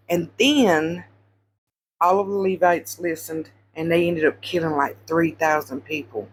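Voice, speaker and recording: A woman casually retelling Bible stories, animated, repeating phrases for emphasis and quizzing her listeners. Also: sits low, unhurried, breathy edge. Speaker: Christian social media storyteller.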